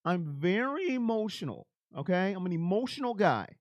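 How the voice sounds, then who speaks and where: Animated man hosting a chatty live stream. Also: sits high, moderate pace, no room sound, dull audio. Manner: animated, emotional, talks to chatters by name. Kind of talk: casual live chat about football.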